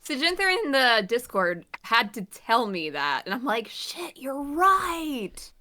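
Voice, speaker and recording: A woman co-hosting a podcast, chatting casually and excitedly, laughing as she talks. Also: on the high side, normal speed. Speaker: podcast co-host.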